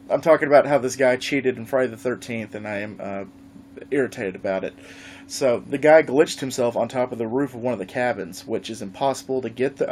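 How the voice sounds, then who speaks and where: A man vlogging live, telling a gaming story in a casual, animated way and swearing freely. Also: medium pitch, a little hiss or hum. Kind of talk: casual livestream chat.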